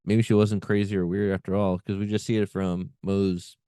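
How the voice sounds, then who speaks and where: A deep-voiced man co-hosts a podcast in an easygoing, halting way, trailing off and starting over. His voice is very low. It is recorded dry and close to the mic. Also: level tone, warm tone, clean tone, no echo. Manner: halting, restarts often, laid-back. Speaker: podcast co-host. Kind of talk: casual film discussion.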